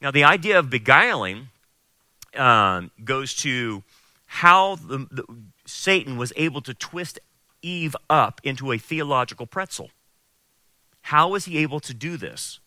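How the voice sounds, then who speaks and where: A man's voice: mid-range voice, animated, measured pace, bright, forceful tone, dry recording. A man preaching a sermon as pastor, emphatic and repeating key phrases for stress. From California.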